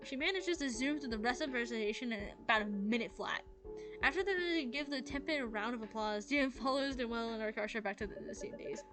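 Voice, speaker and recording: A woman's voice: a little high, quick pace. A woman hosting a let's play, reading a visual novel aloud in a casual way, with fillers and restarts. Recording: game music behind.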